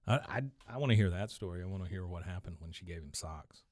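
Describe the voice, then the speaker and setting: A man's voice: low-pitched, lively intonation, fast, no echo. A man in casual podcast chat, walking through scenes and reading out bits of dialogue. He laughs often and lightly changes his voice for the quotes. The sound is close and dry, with no room around it. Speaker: podcast co-host recapping an episode.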